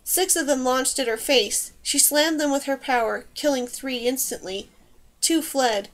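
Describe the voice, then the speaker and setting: A woman reading a novel aloud as an audiobook, with steady, even storytelling. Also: high-pitched, unhurried. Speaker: audiobook reader. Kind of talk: scripted narration.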